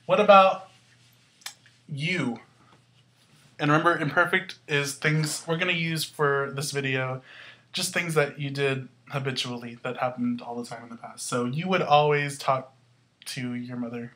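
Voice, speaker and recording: A woman's voice: a bass voice, fairly even intonation, a little slow, fairly bright tone. A woman teaching a Spanish grammar lesson, upbeat and going through the verb endings step by step. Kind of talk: classroom-style grammar lesson.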